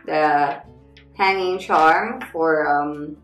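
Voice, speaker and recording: A woman unboxing gifts on her vlog, gushing with excitement and thanking the sender over and over. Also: deep voice, very slow. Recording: echoey room with faint music.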